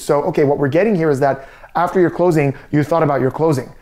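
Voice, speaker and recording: A man's voice: on the high side, quick pace, few pauses, dark tone. A man giving skeptical, methodical body language commentary. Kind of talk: analytical commentary.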